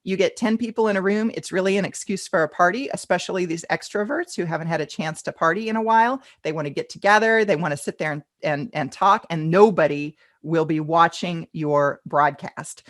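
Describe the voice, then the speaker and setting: A woman's voice: fairly low pitch, a little fast, few pauses. A middle-aged woman teaching a live online class, reading out attendee questions and answering them in a chatty, enthusiastic way. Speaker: fundraising event consultant teaching a class.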